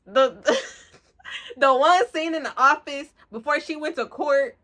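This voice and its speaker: A bright, fairly high-voiced young woman gushes about a book she loves. She rambles in a loose, excitable way, full of fillers and slang, like a casual chat with her viewers. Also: takes it slowly. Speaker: book reviewer. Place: room at home, street outside.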